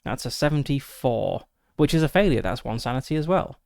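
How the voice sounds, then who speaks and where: A man's voice: mid-range voice, very animated, fairly quick, creaky, a little mellow, no room sound, clean studio sound. A man streaming a solo tabletop game, reading out the gamebook text and muttering through his dice rolls with many fillers.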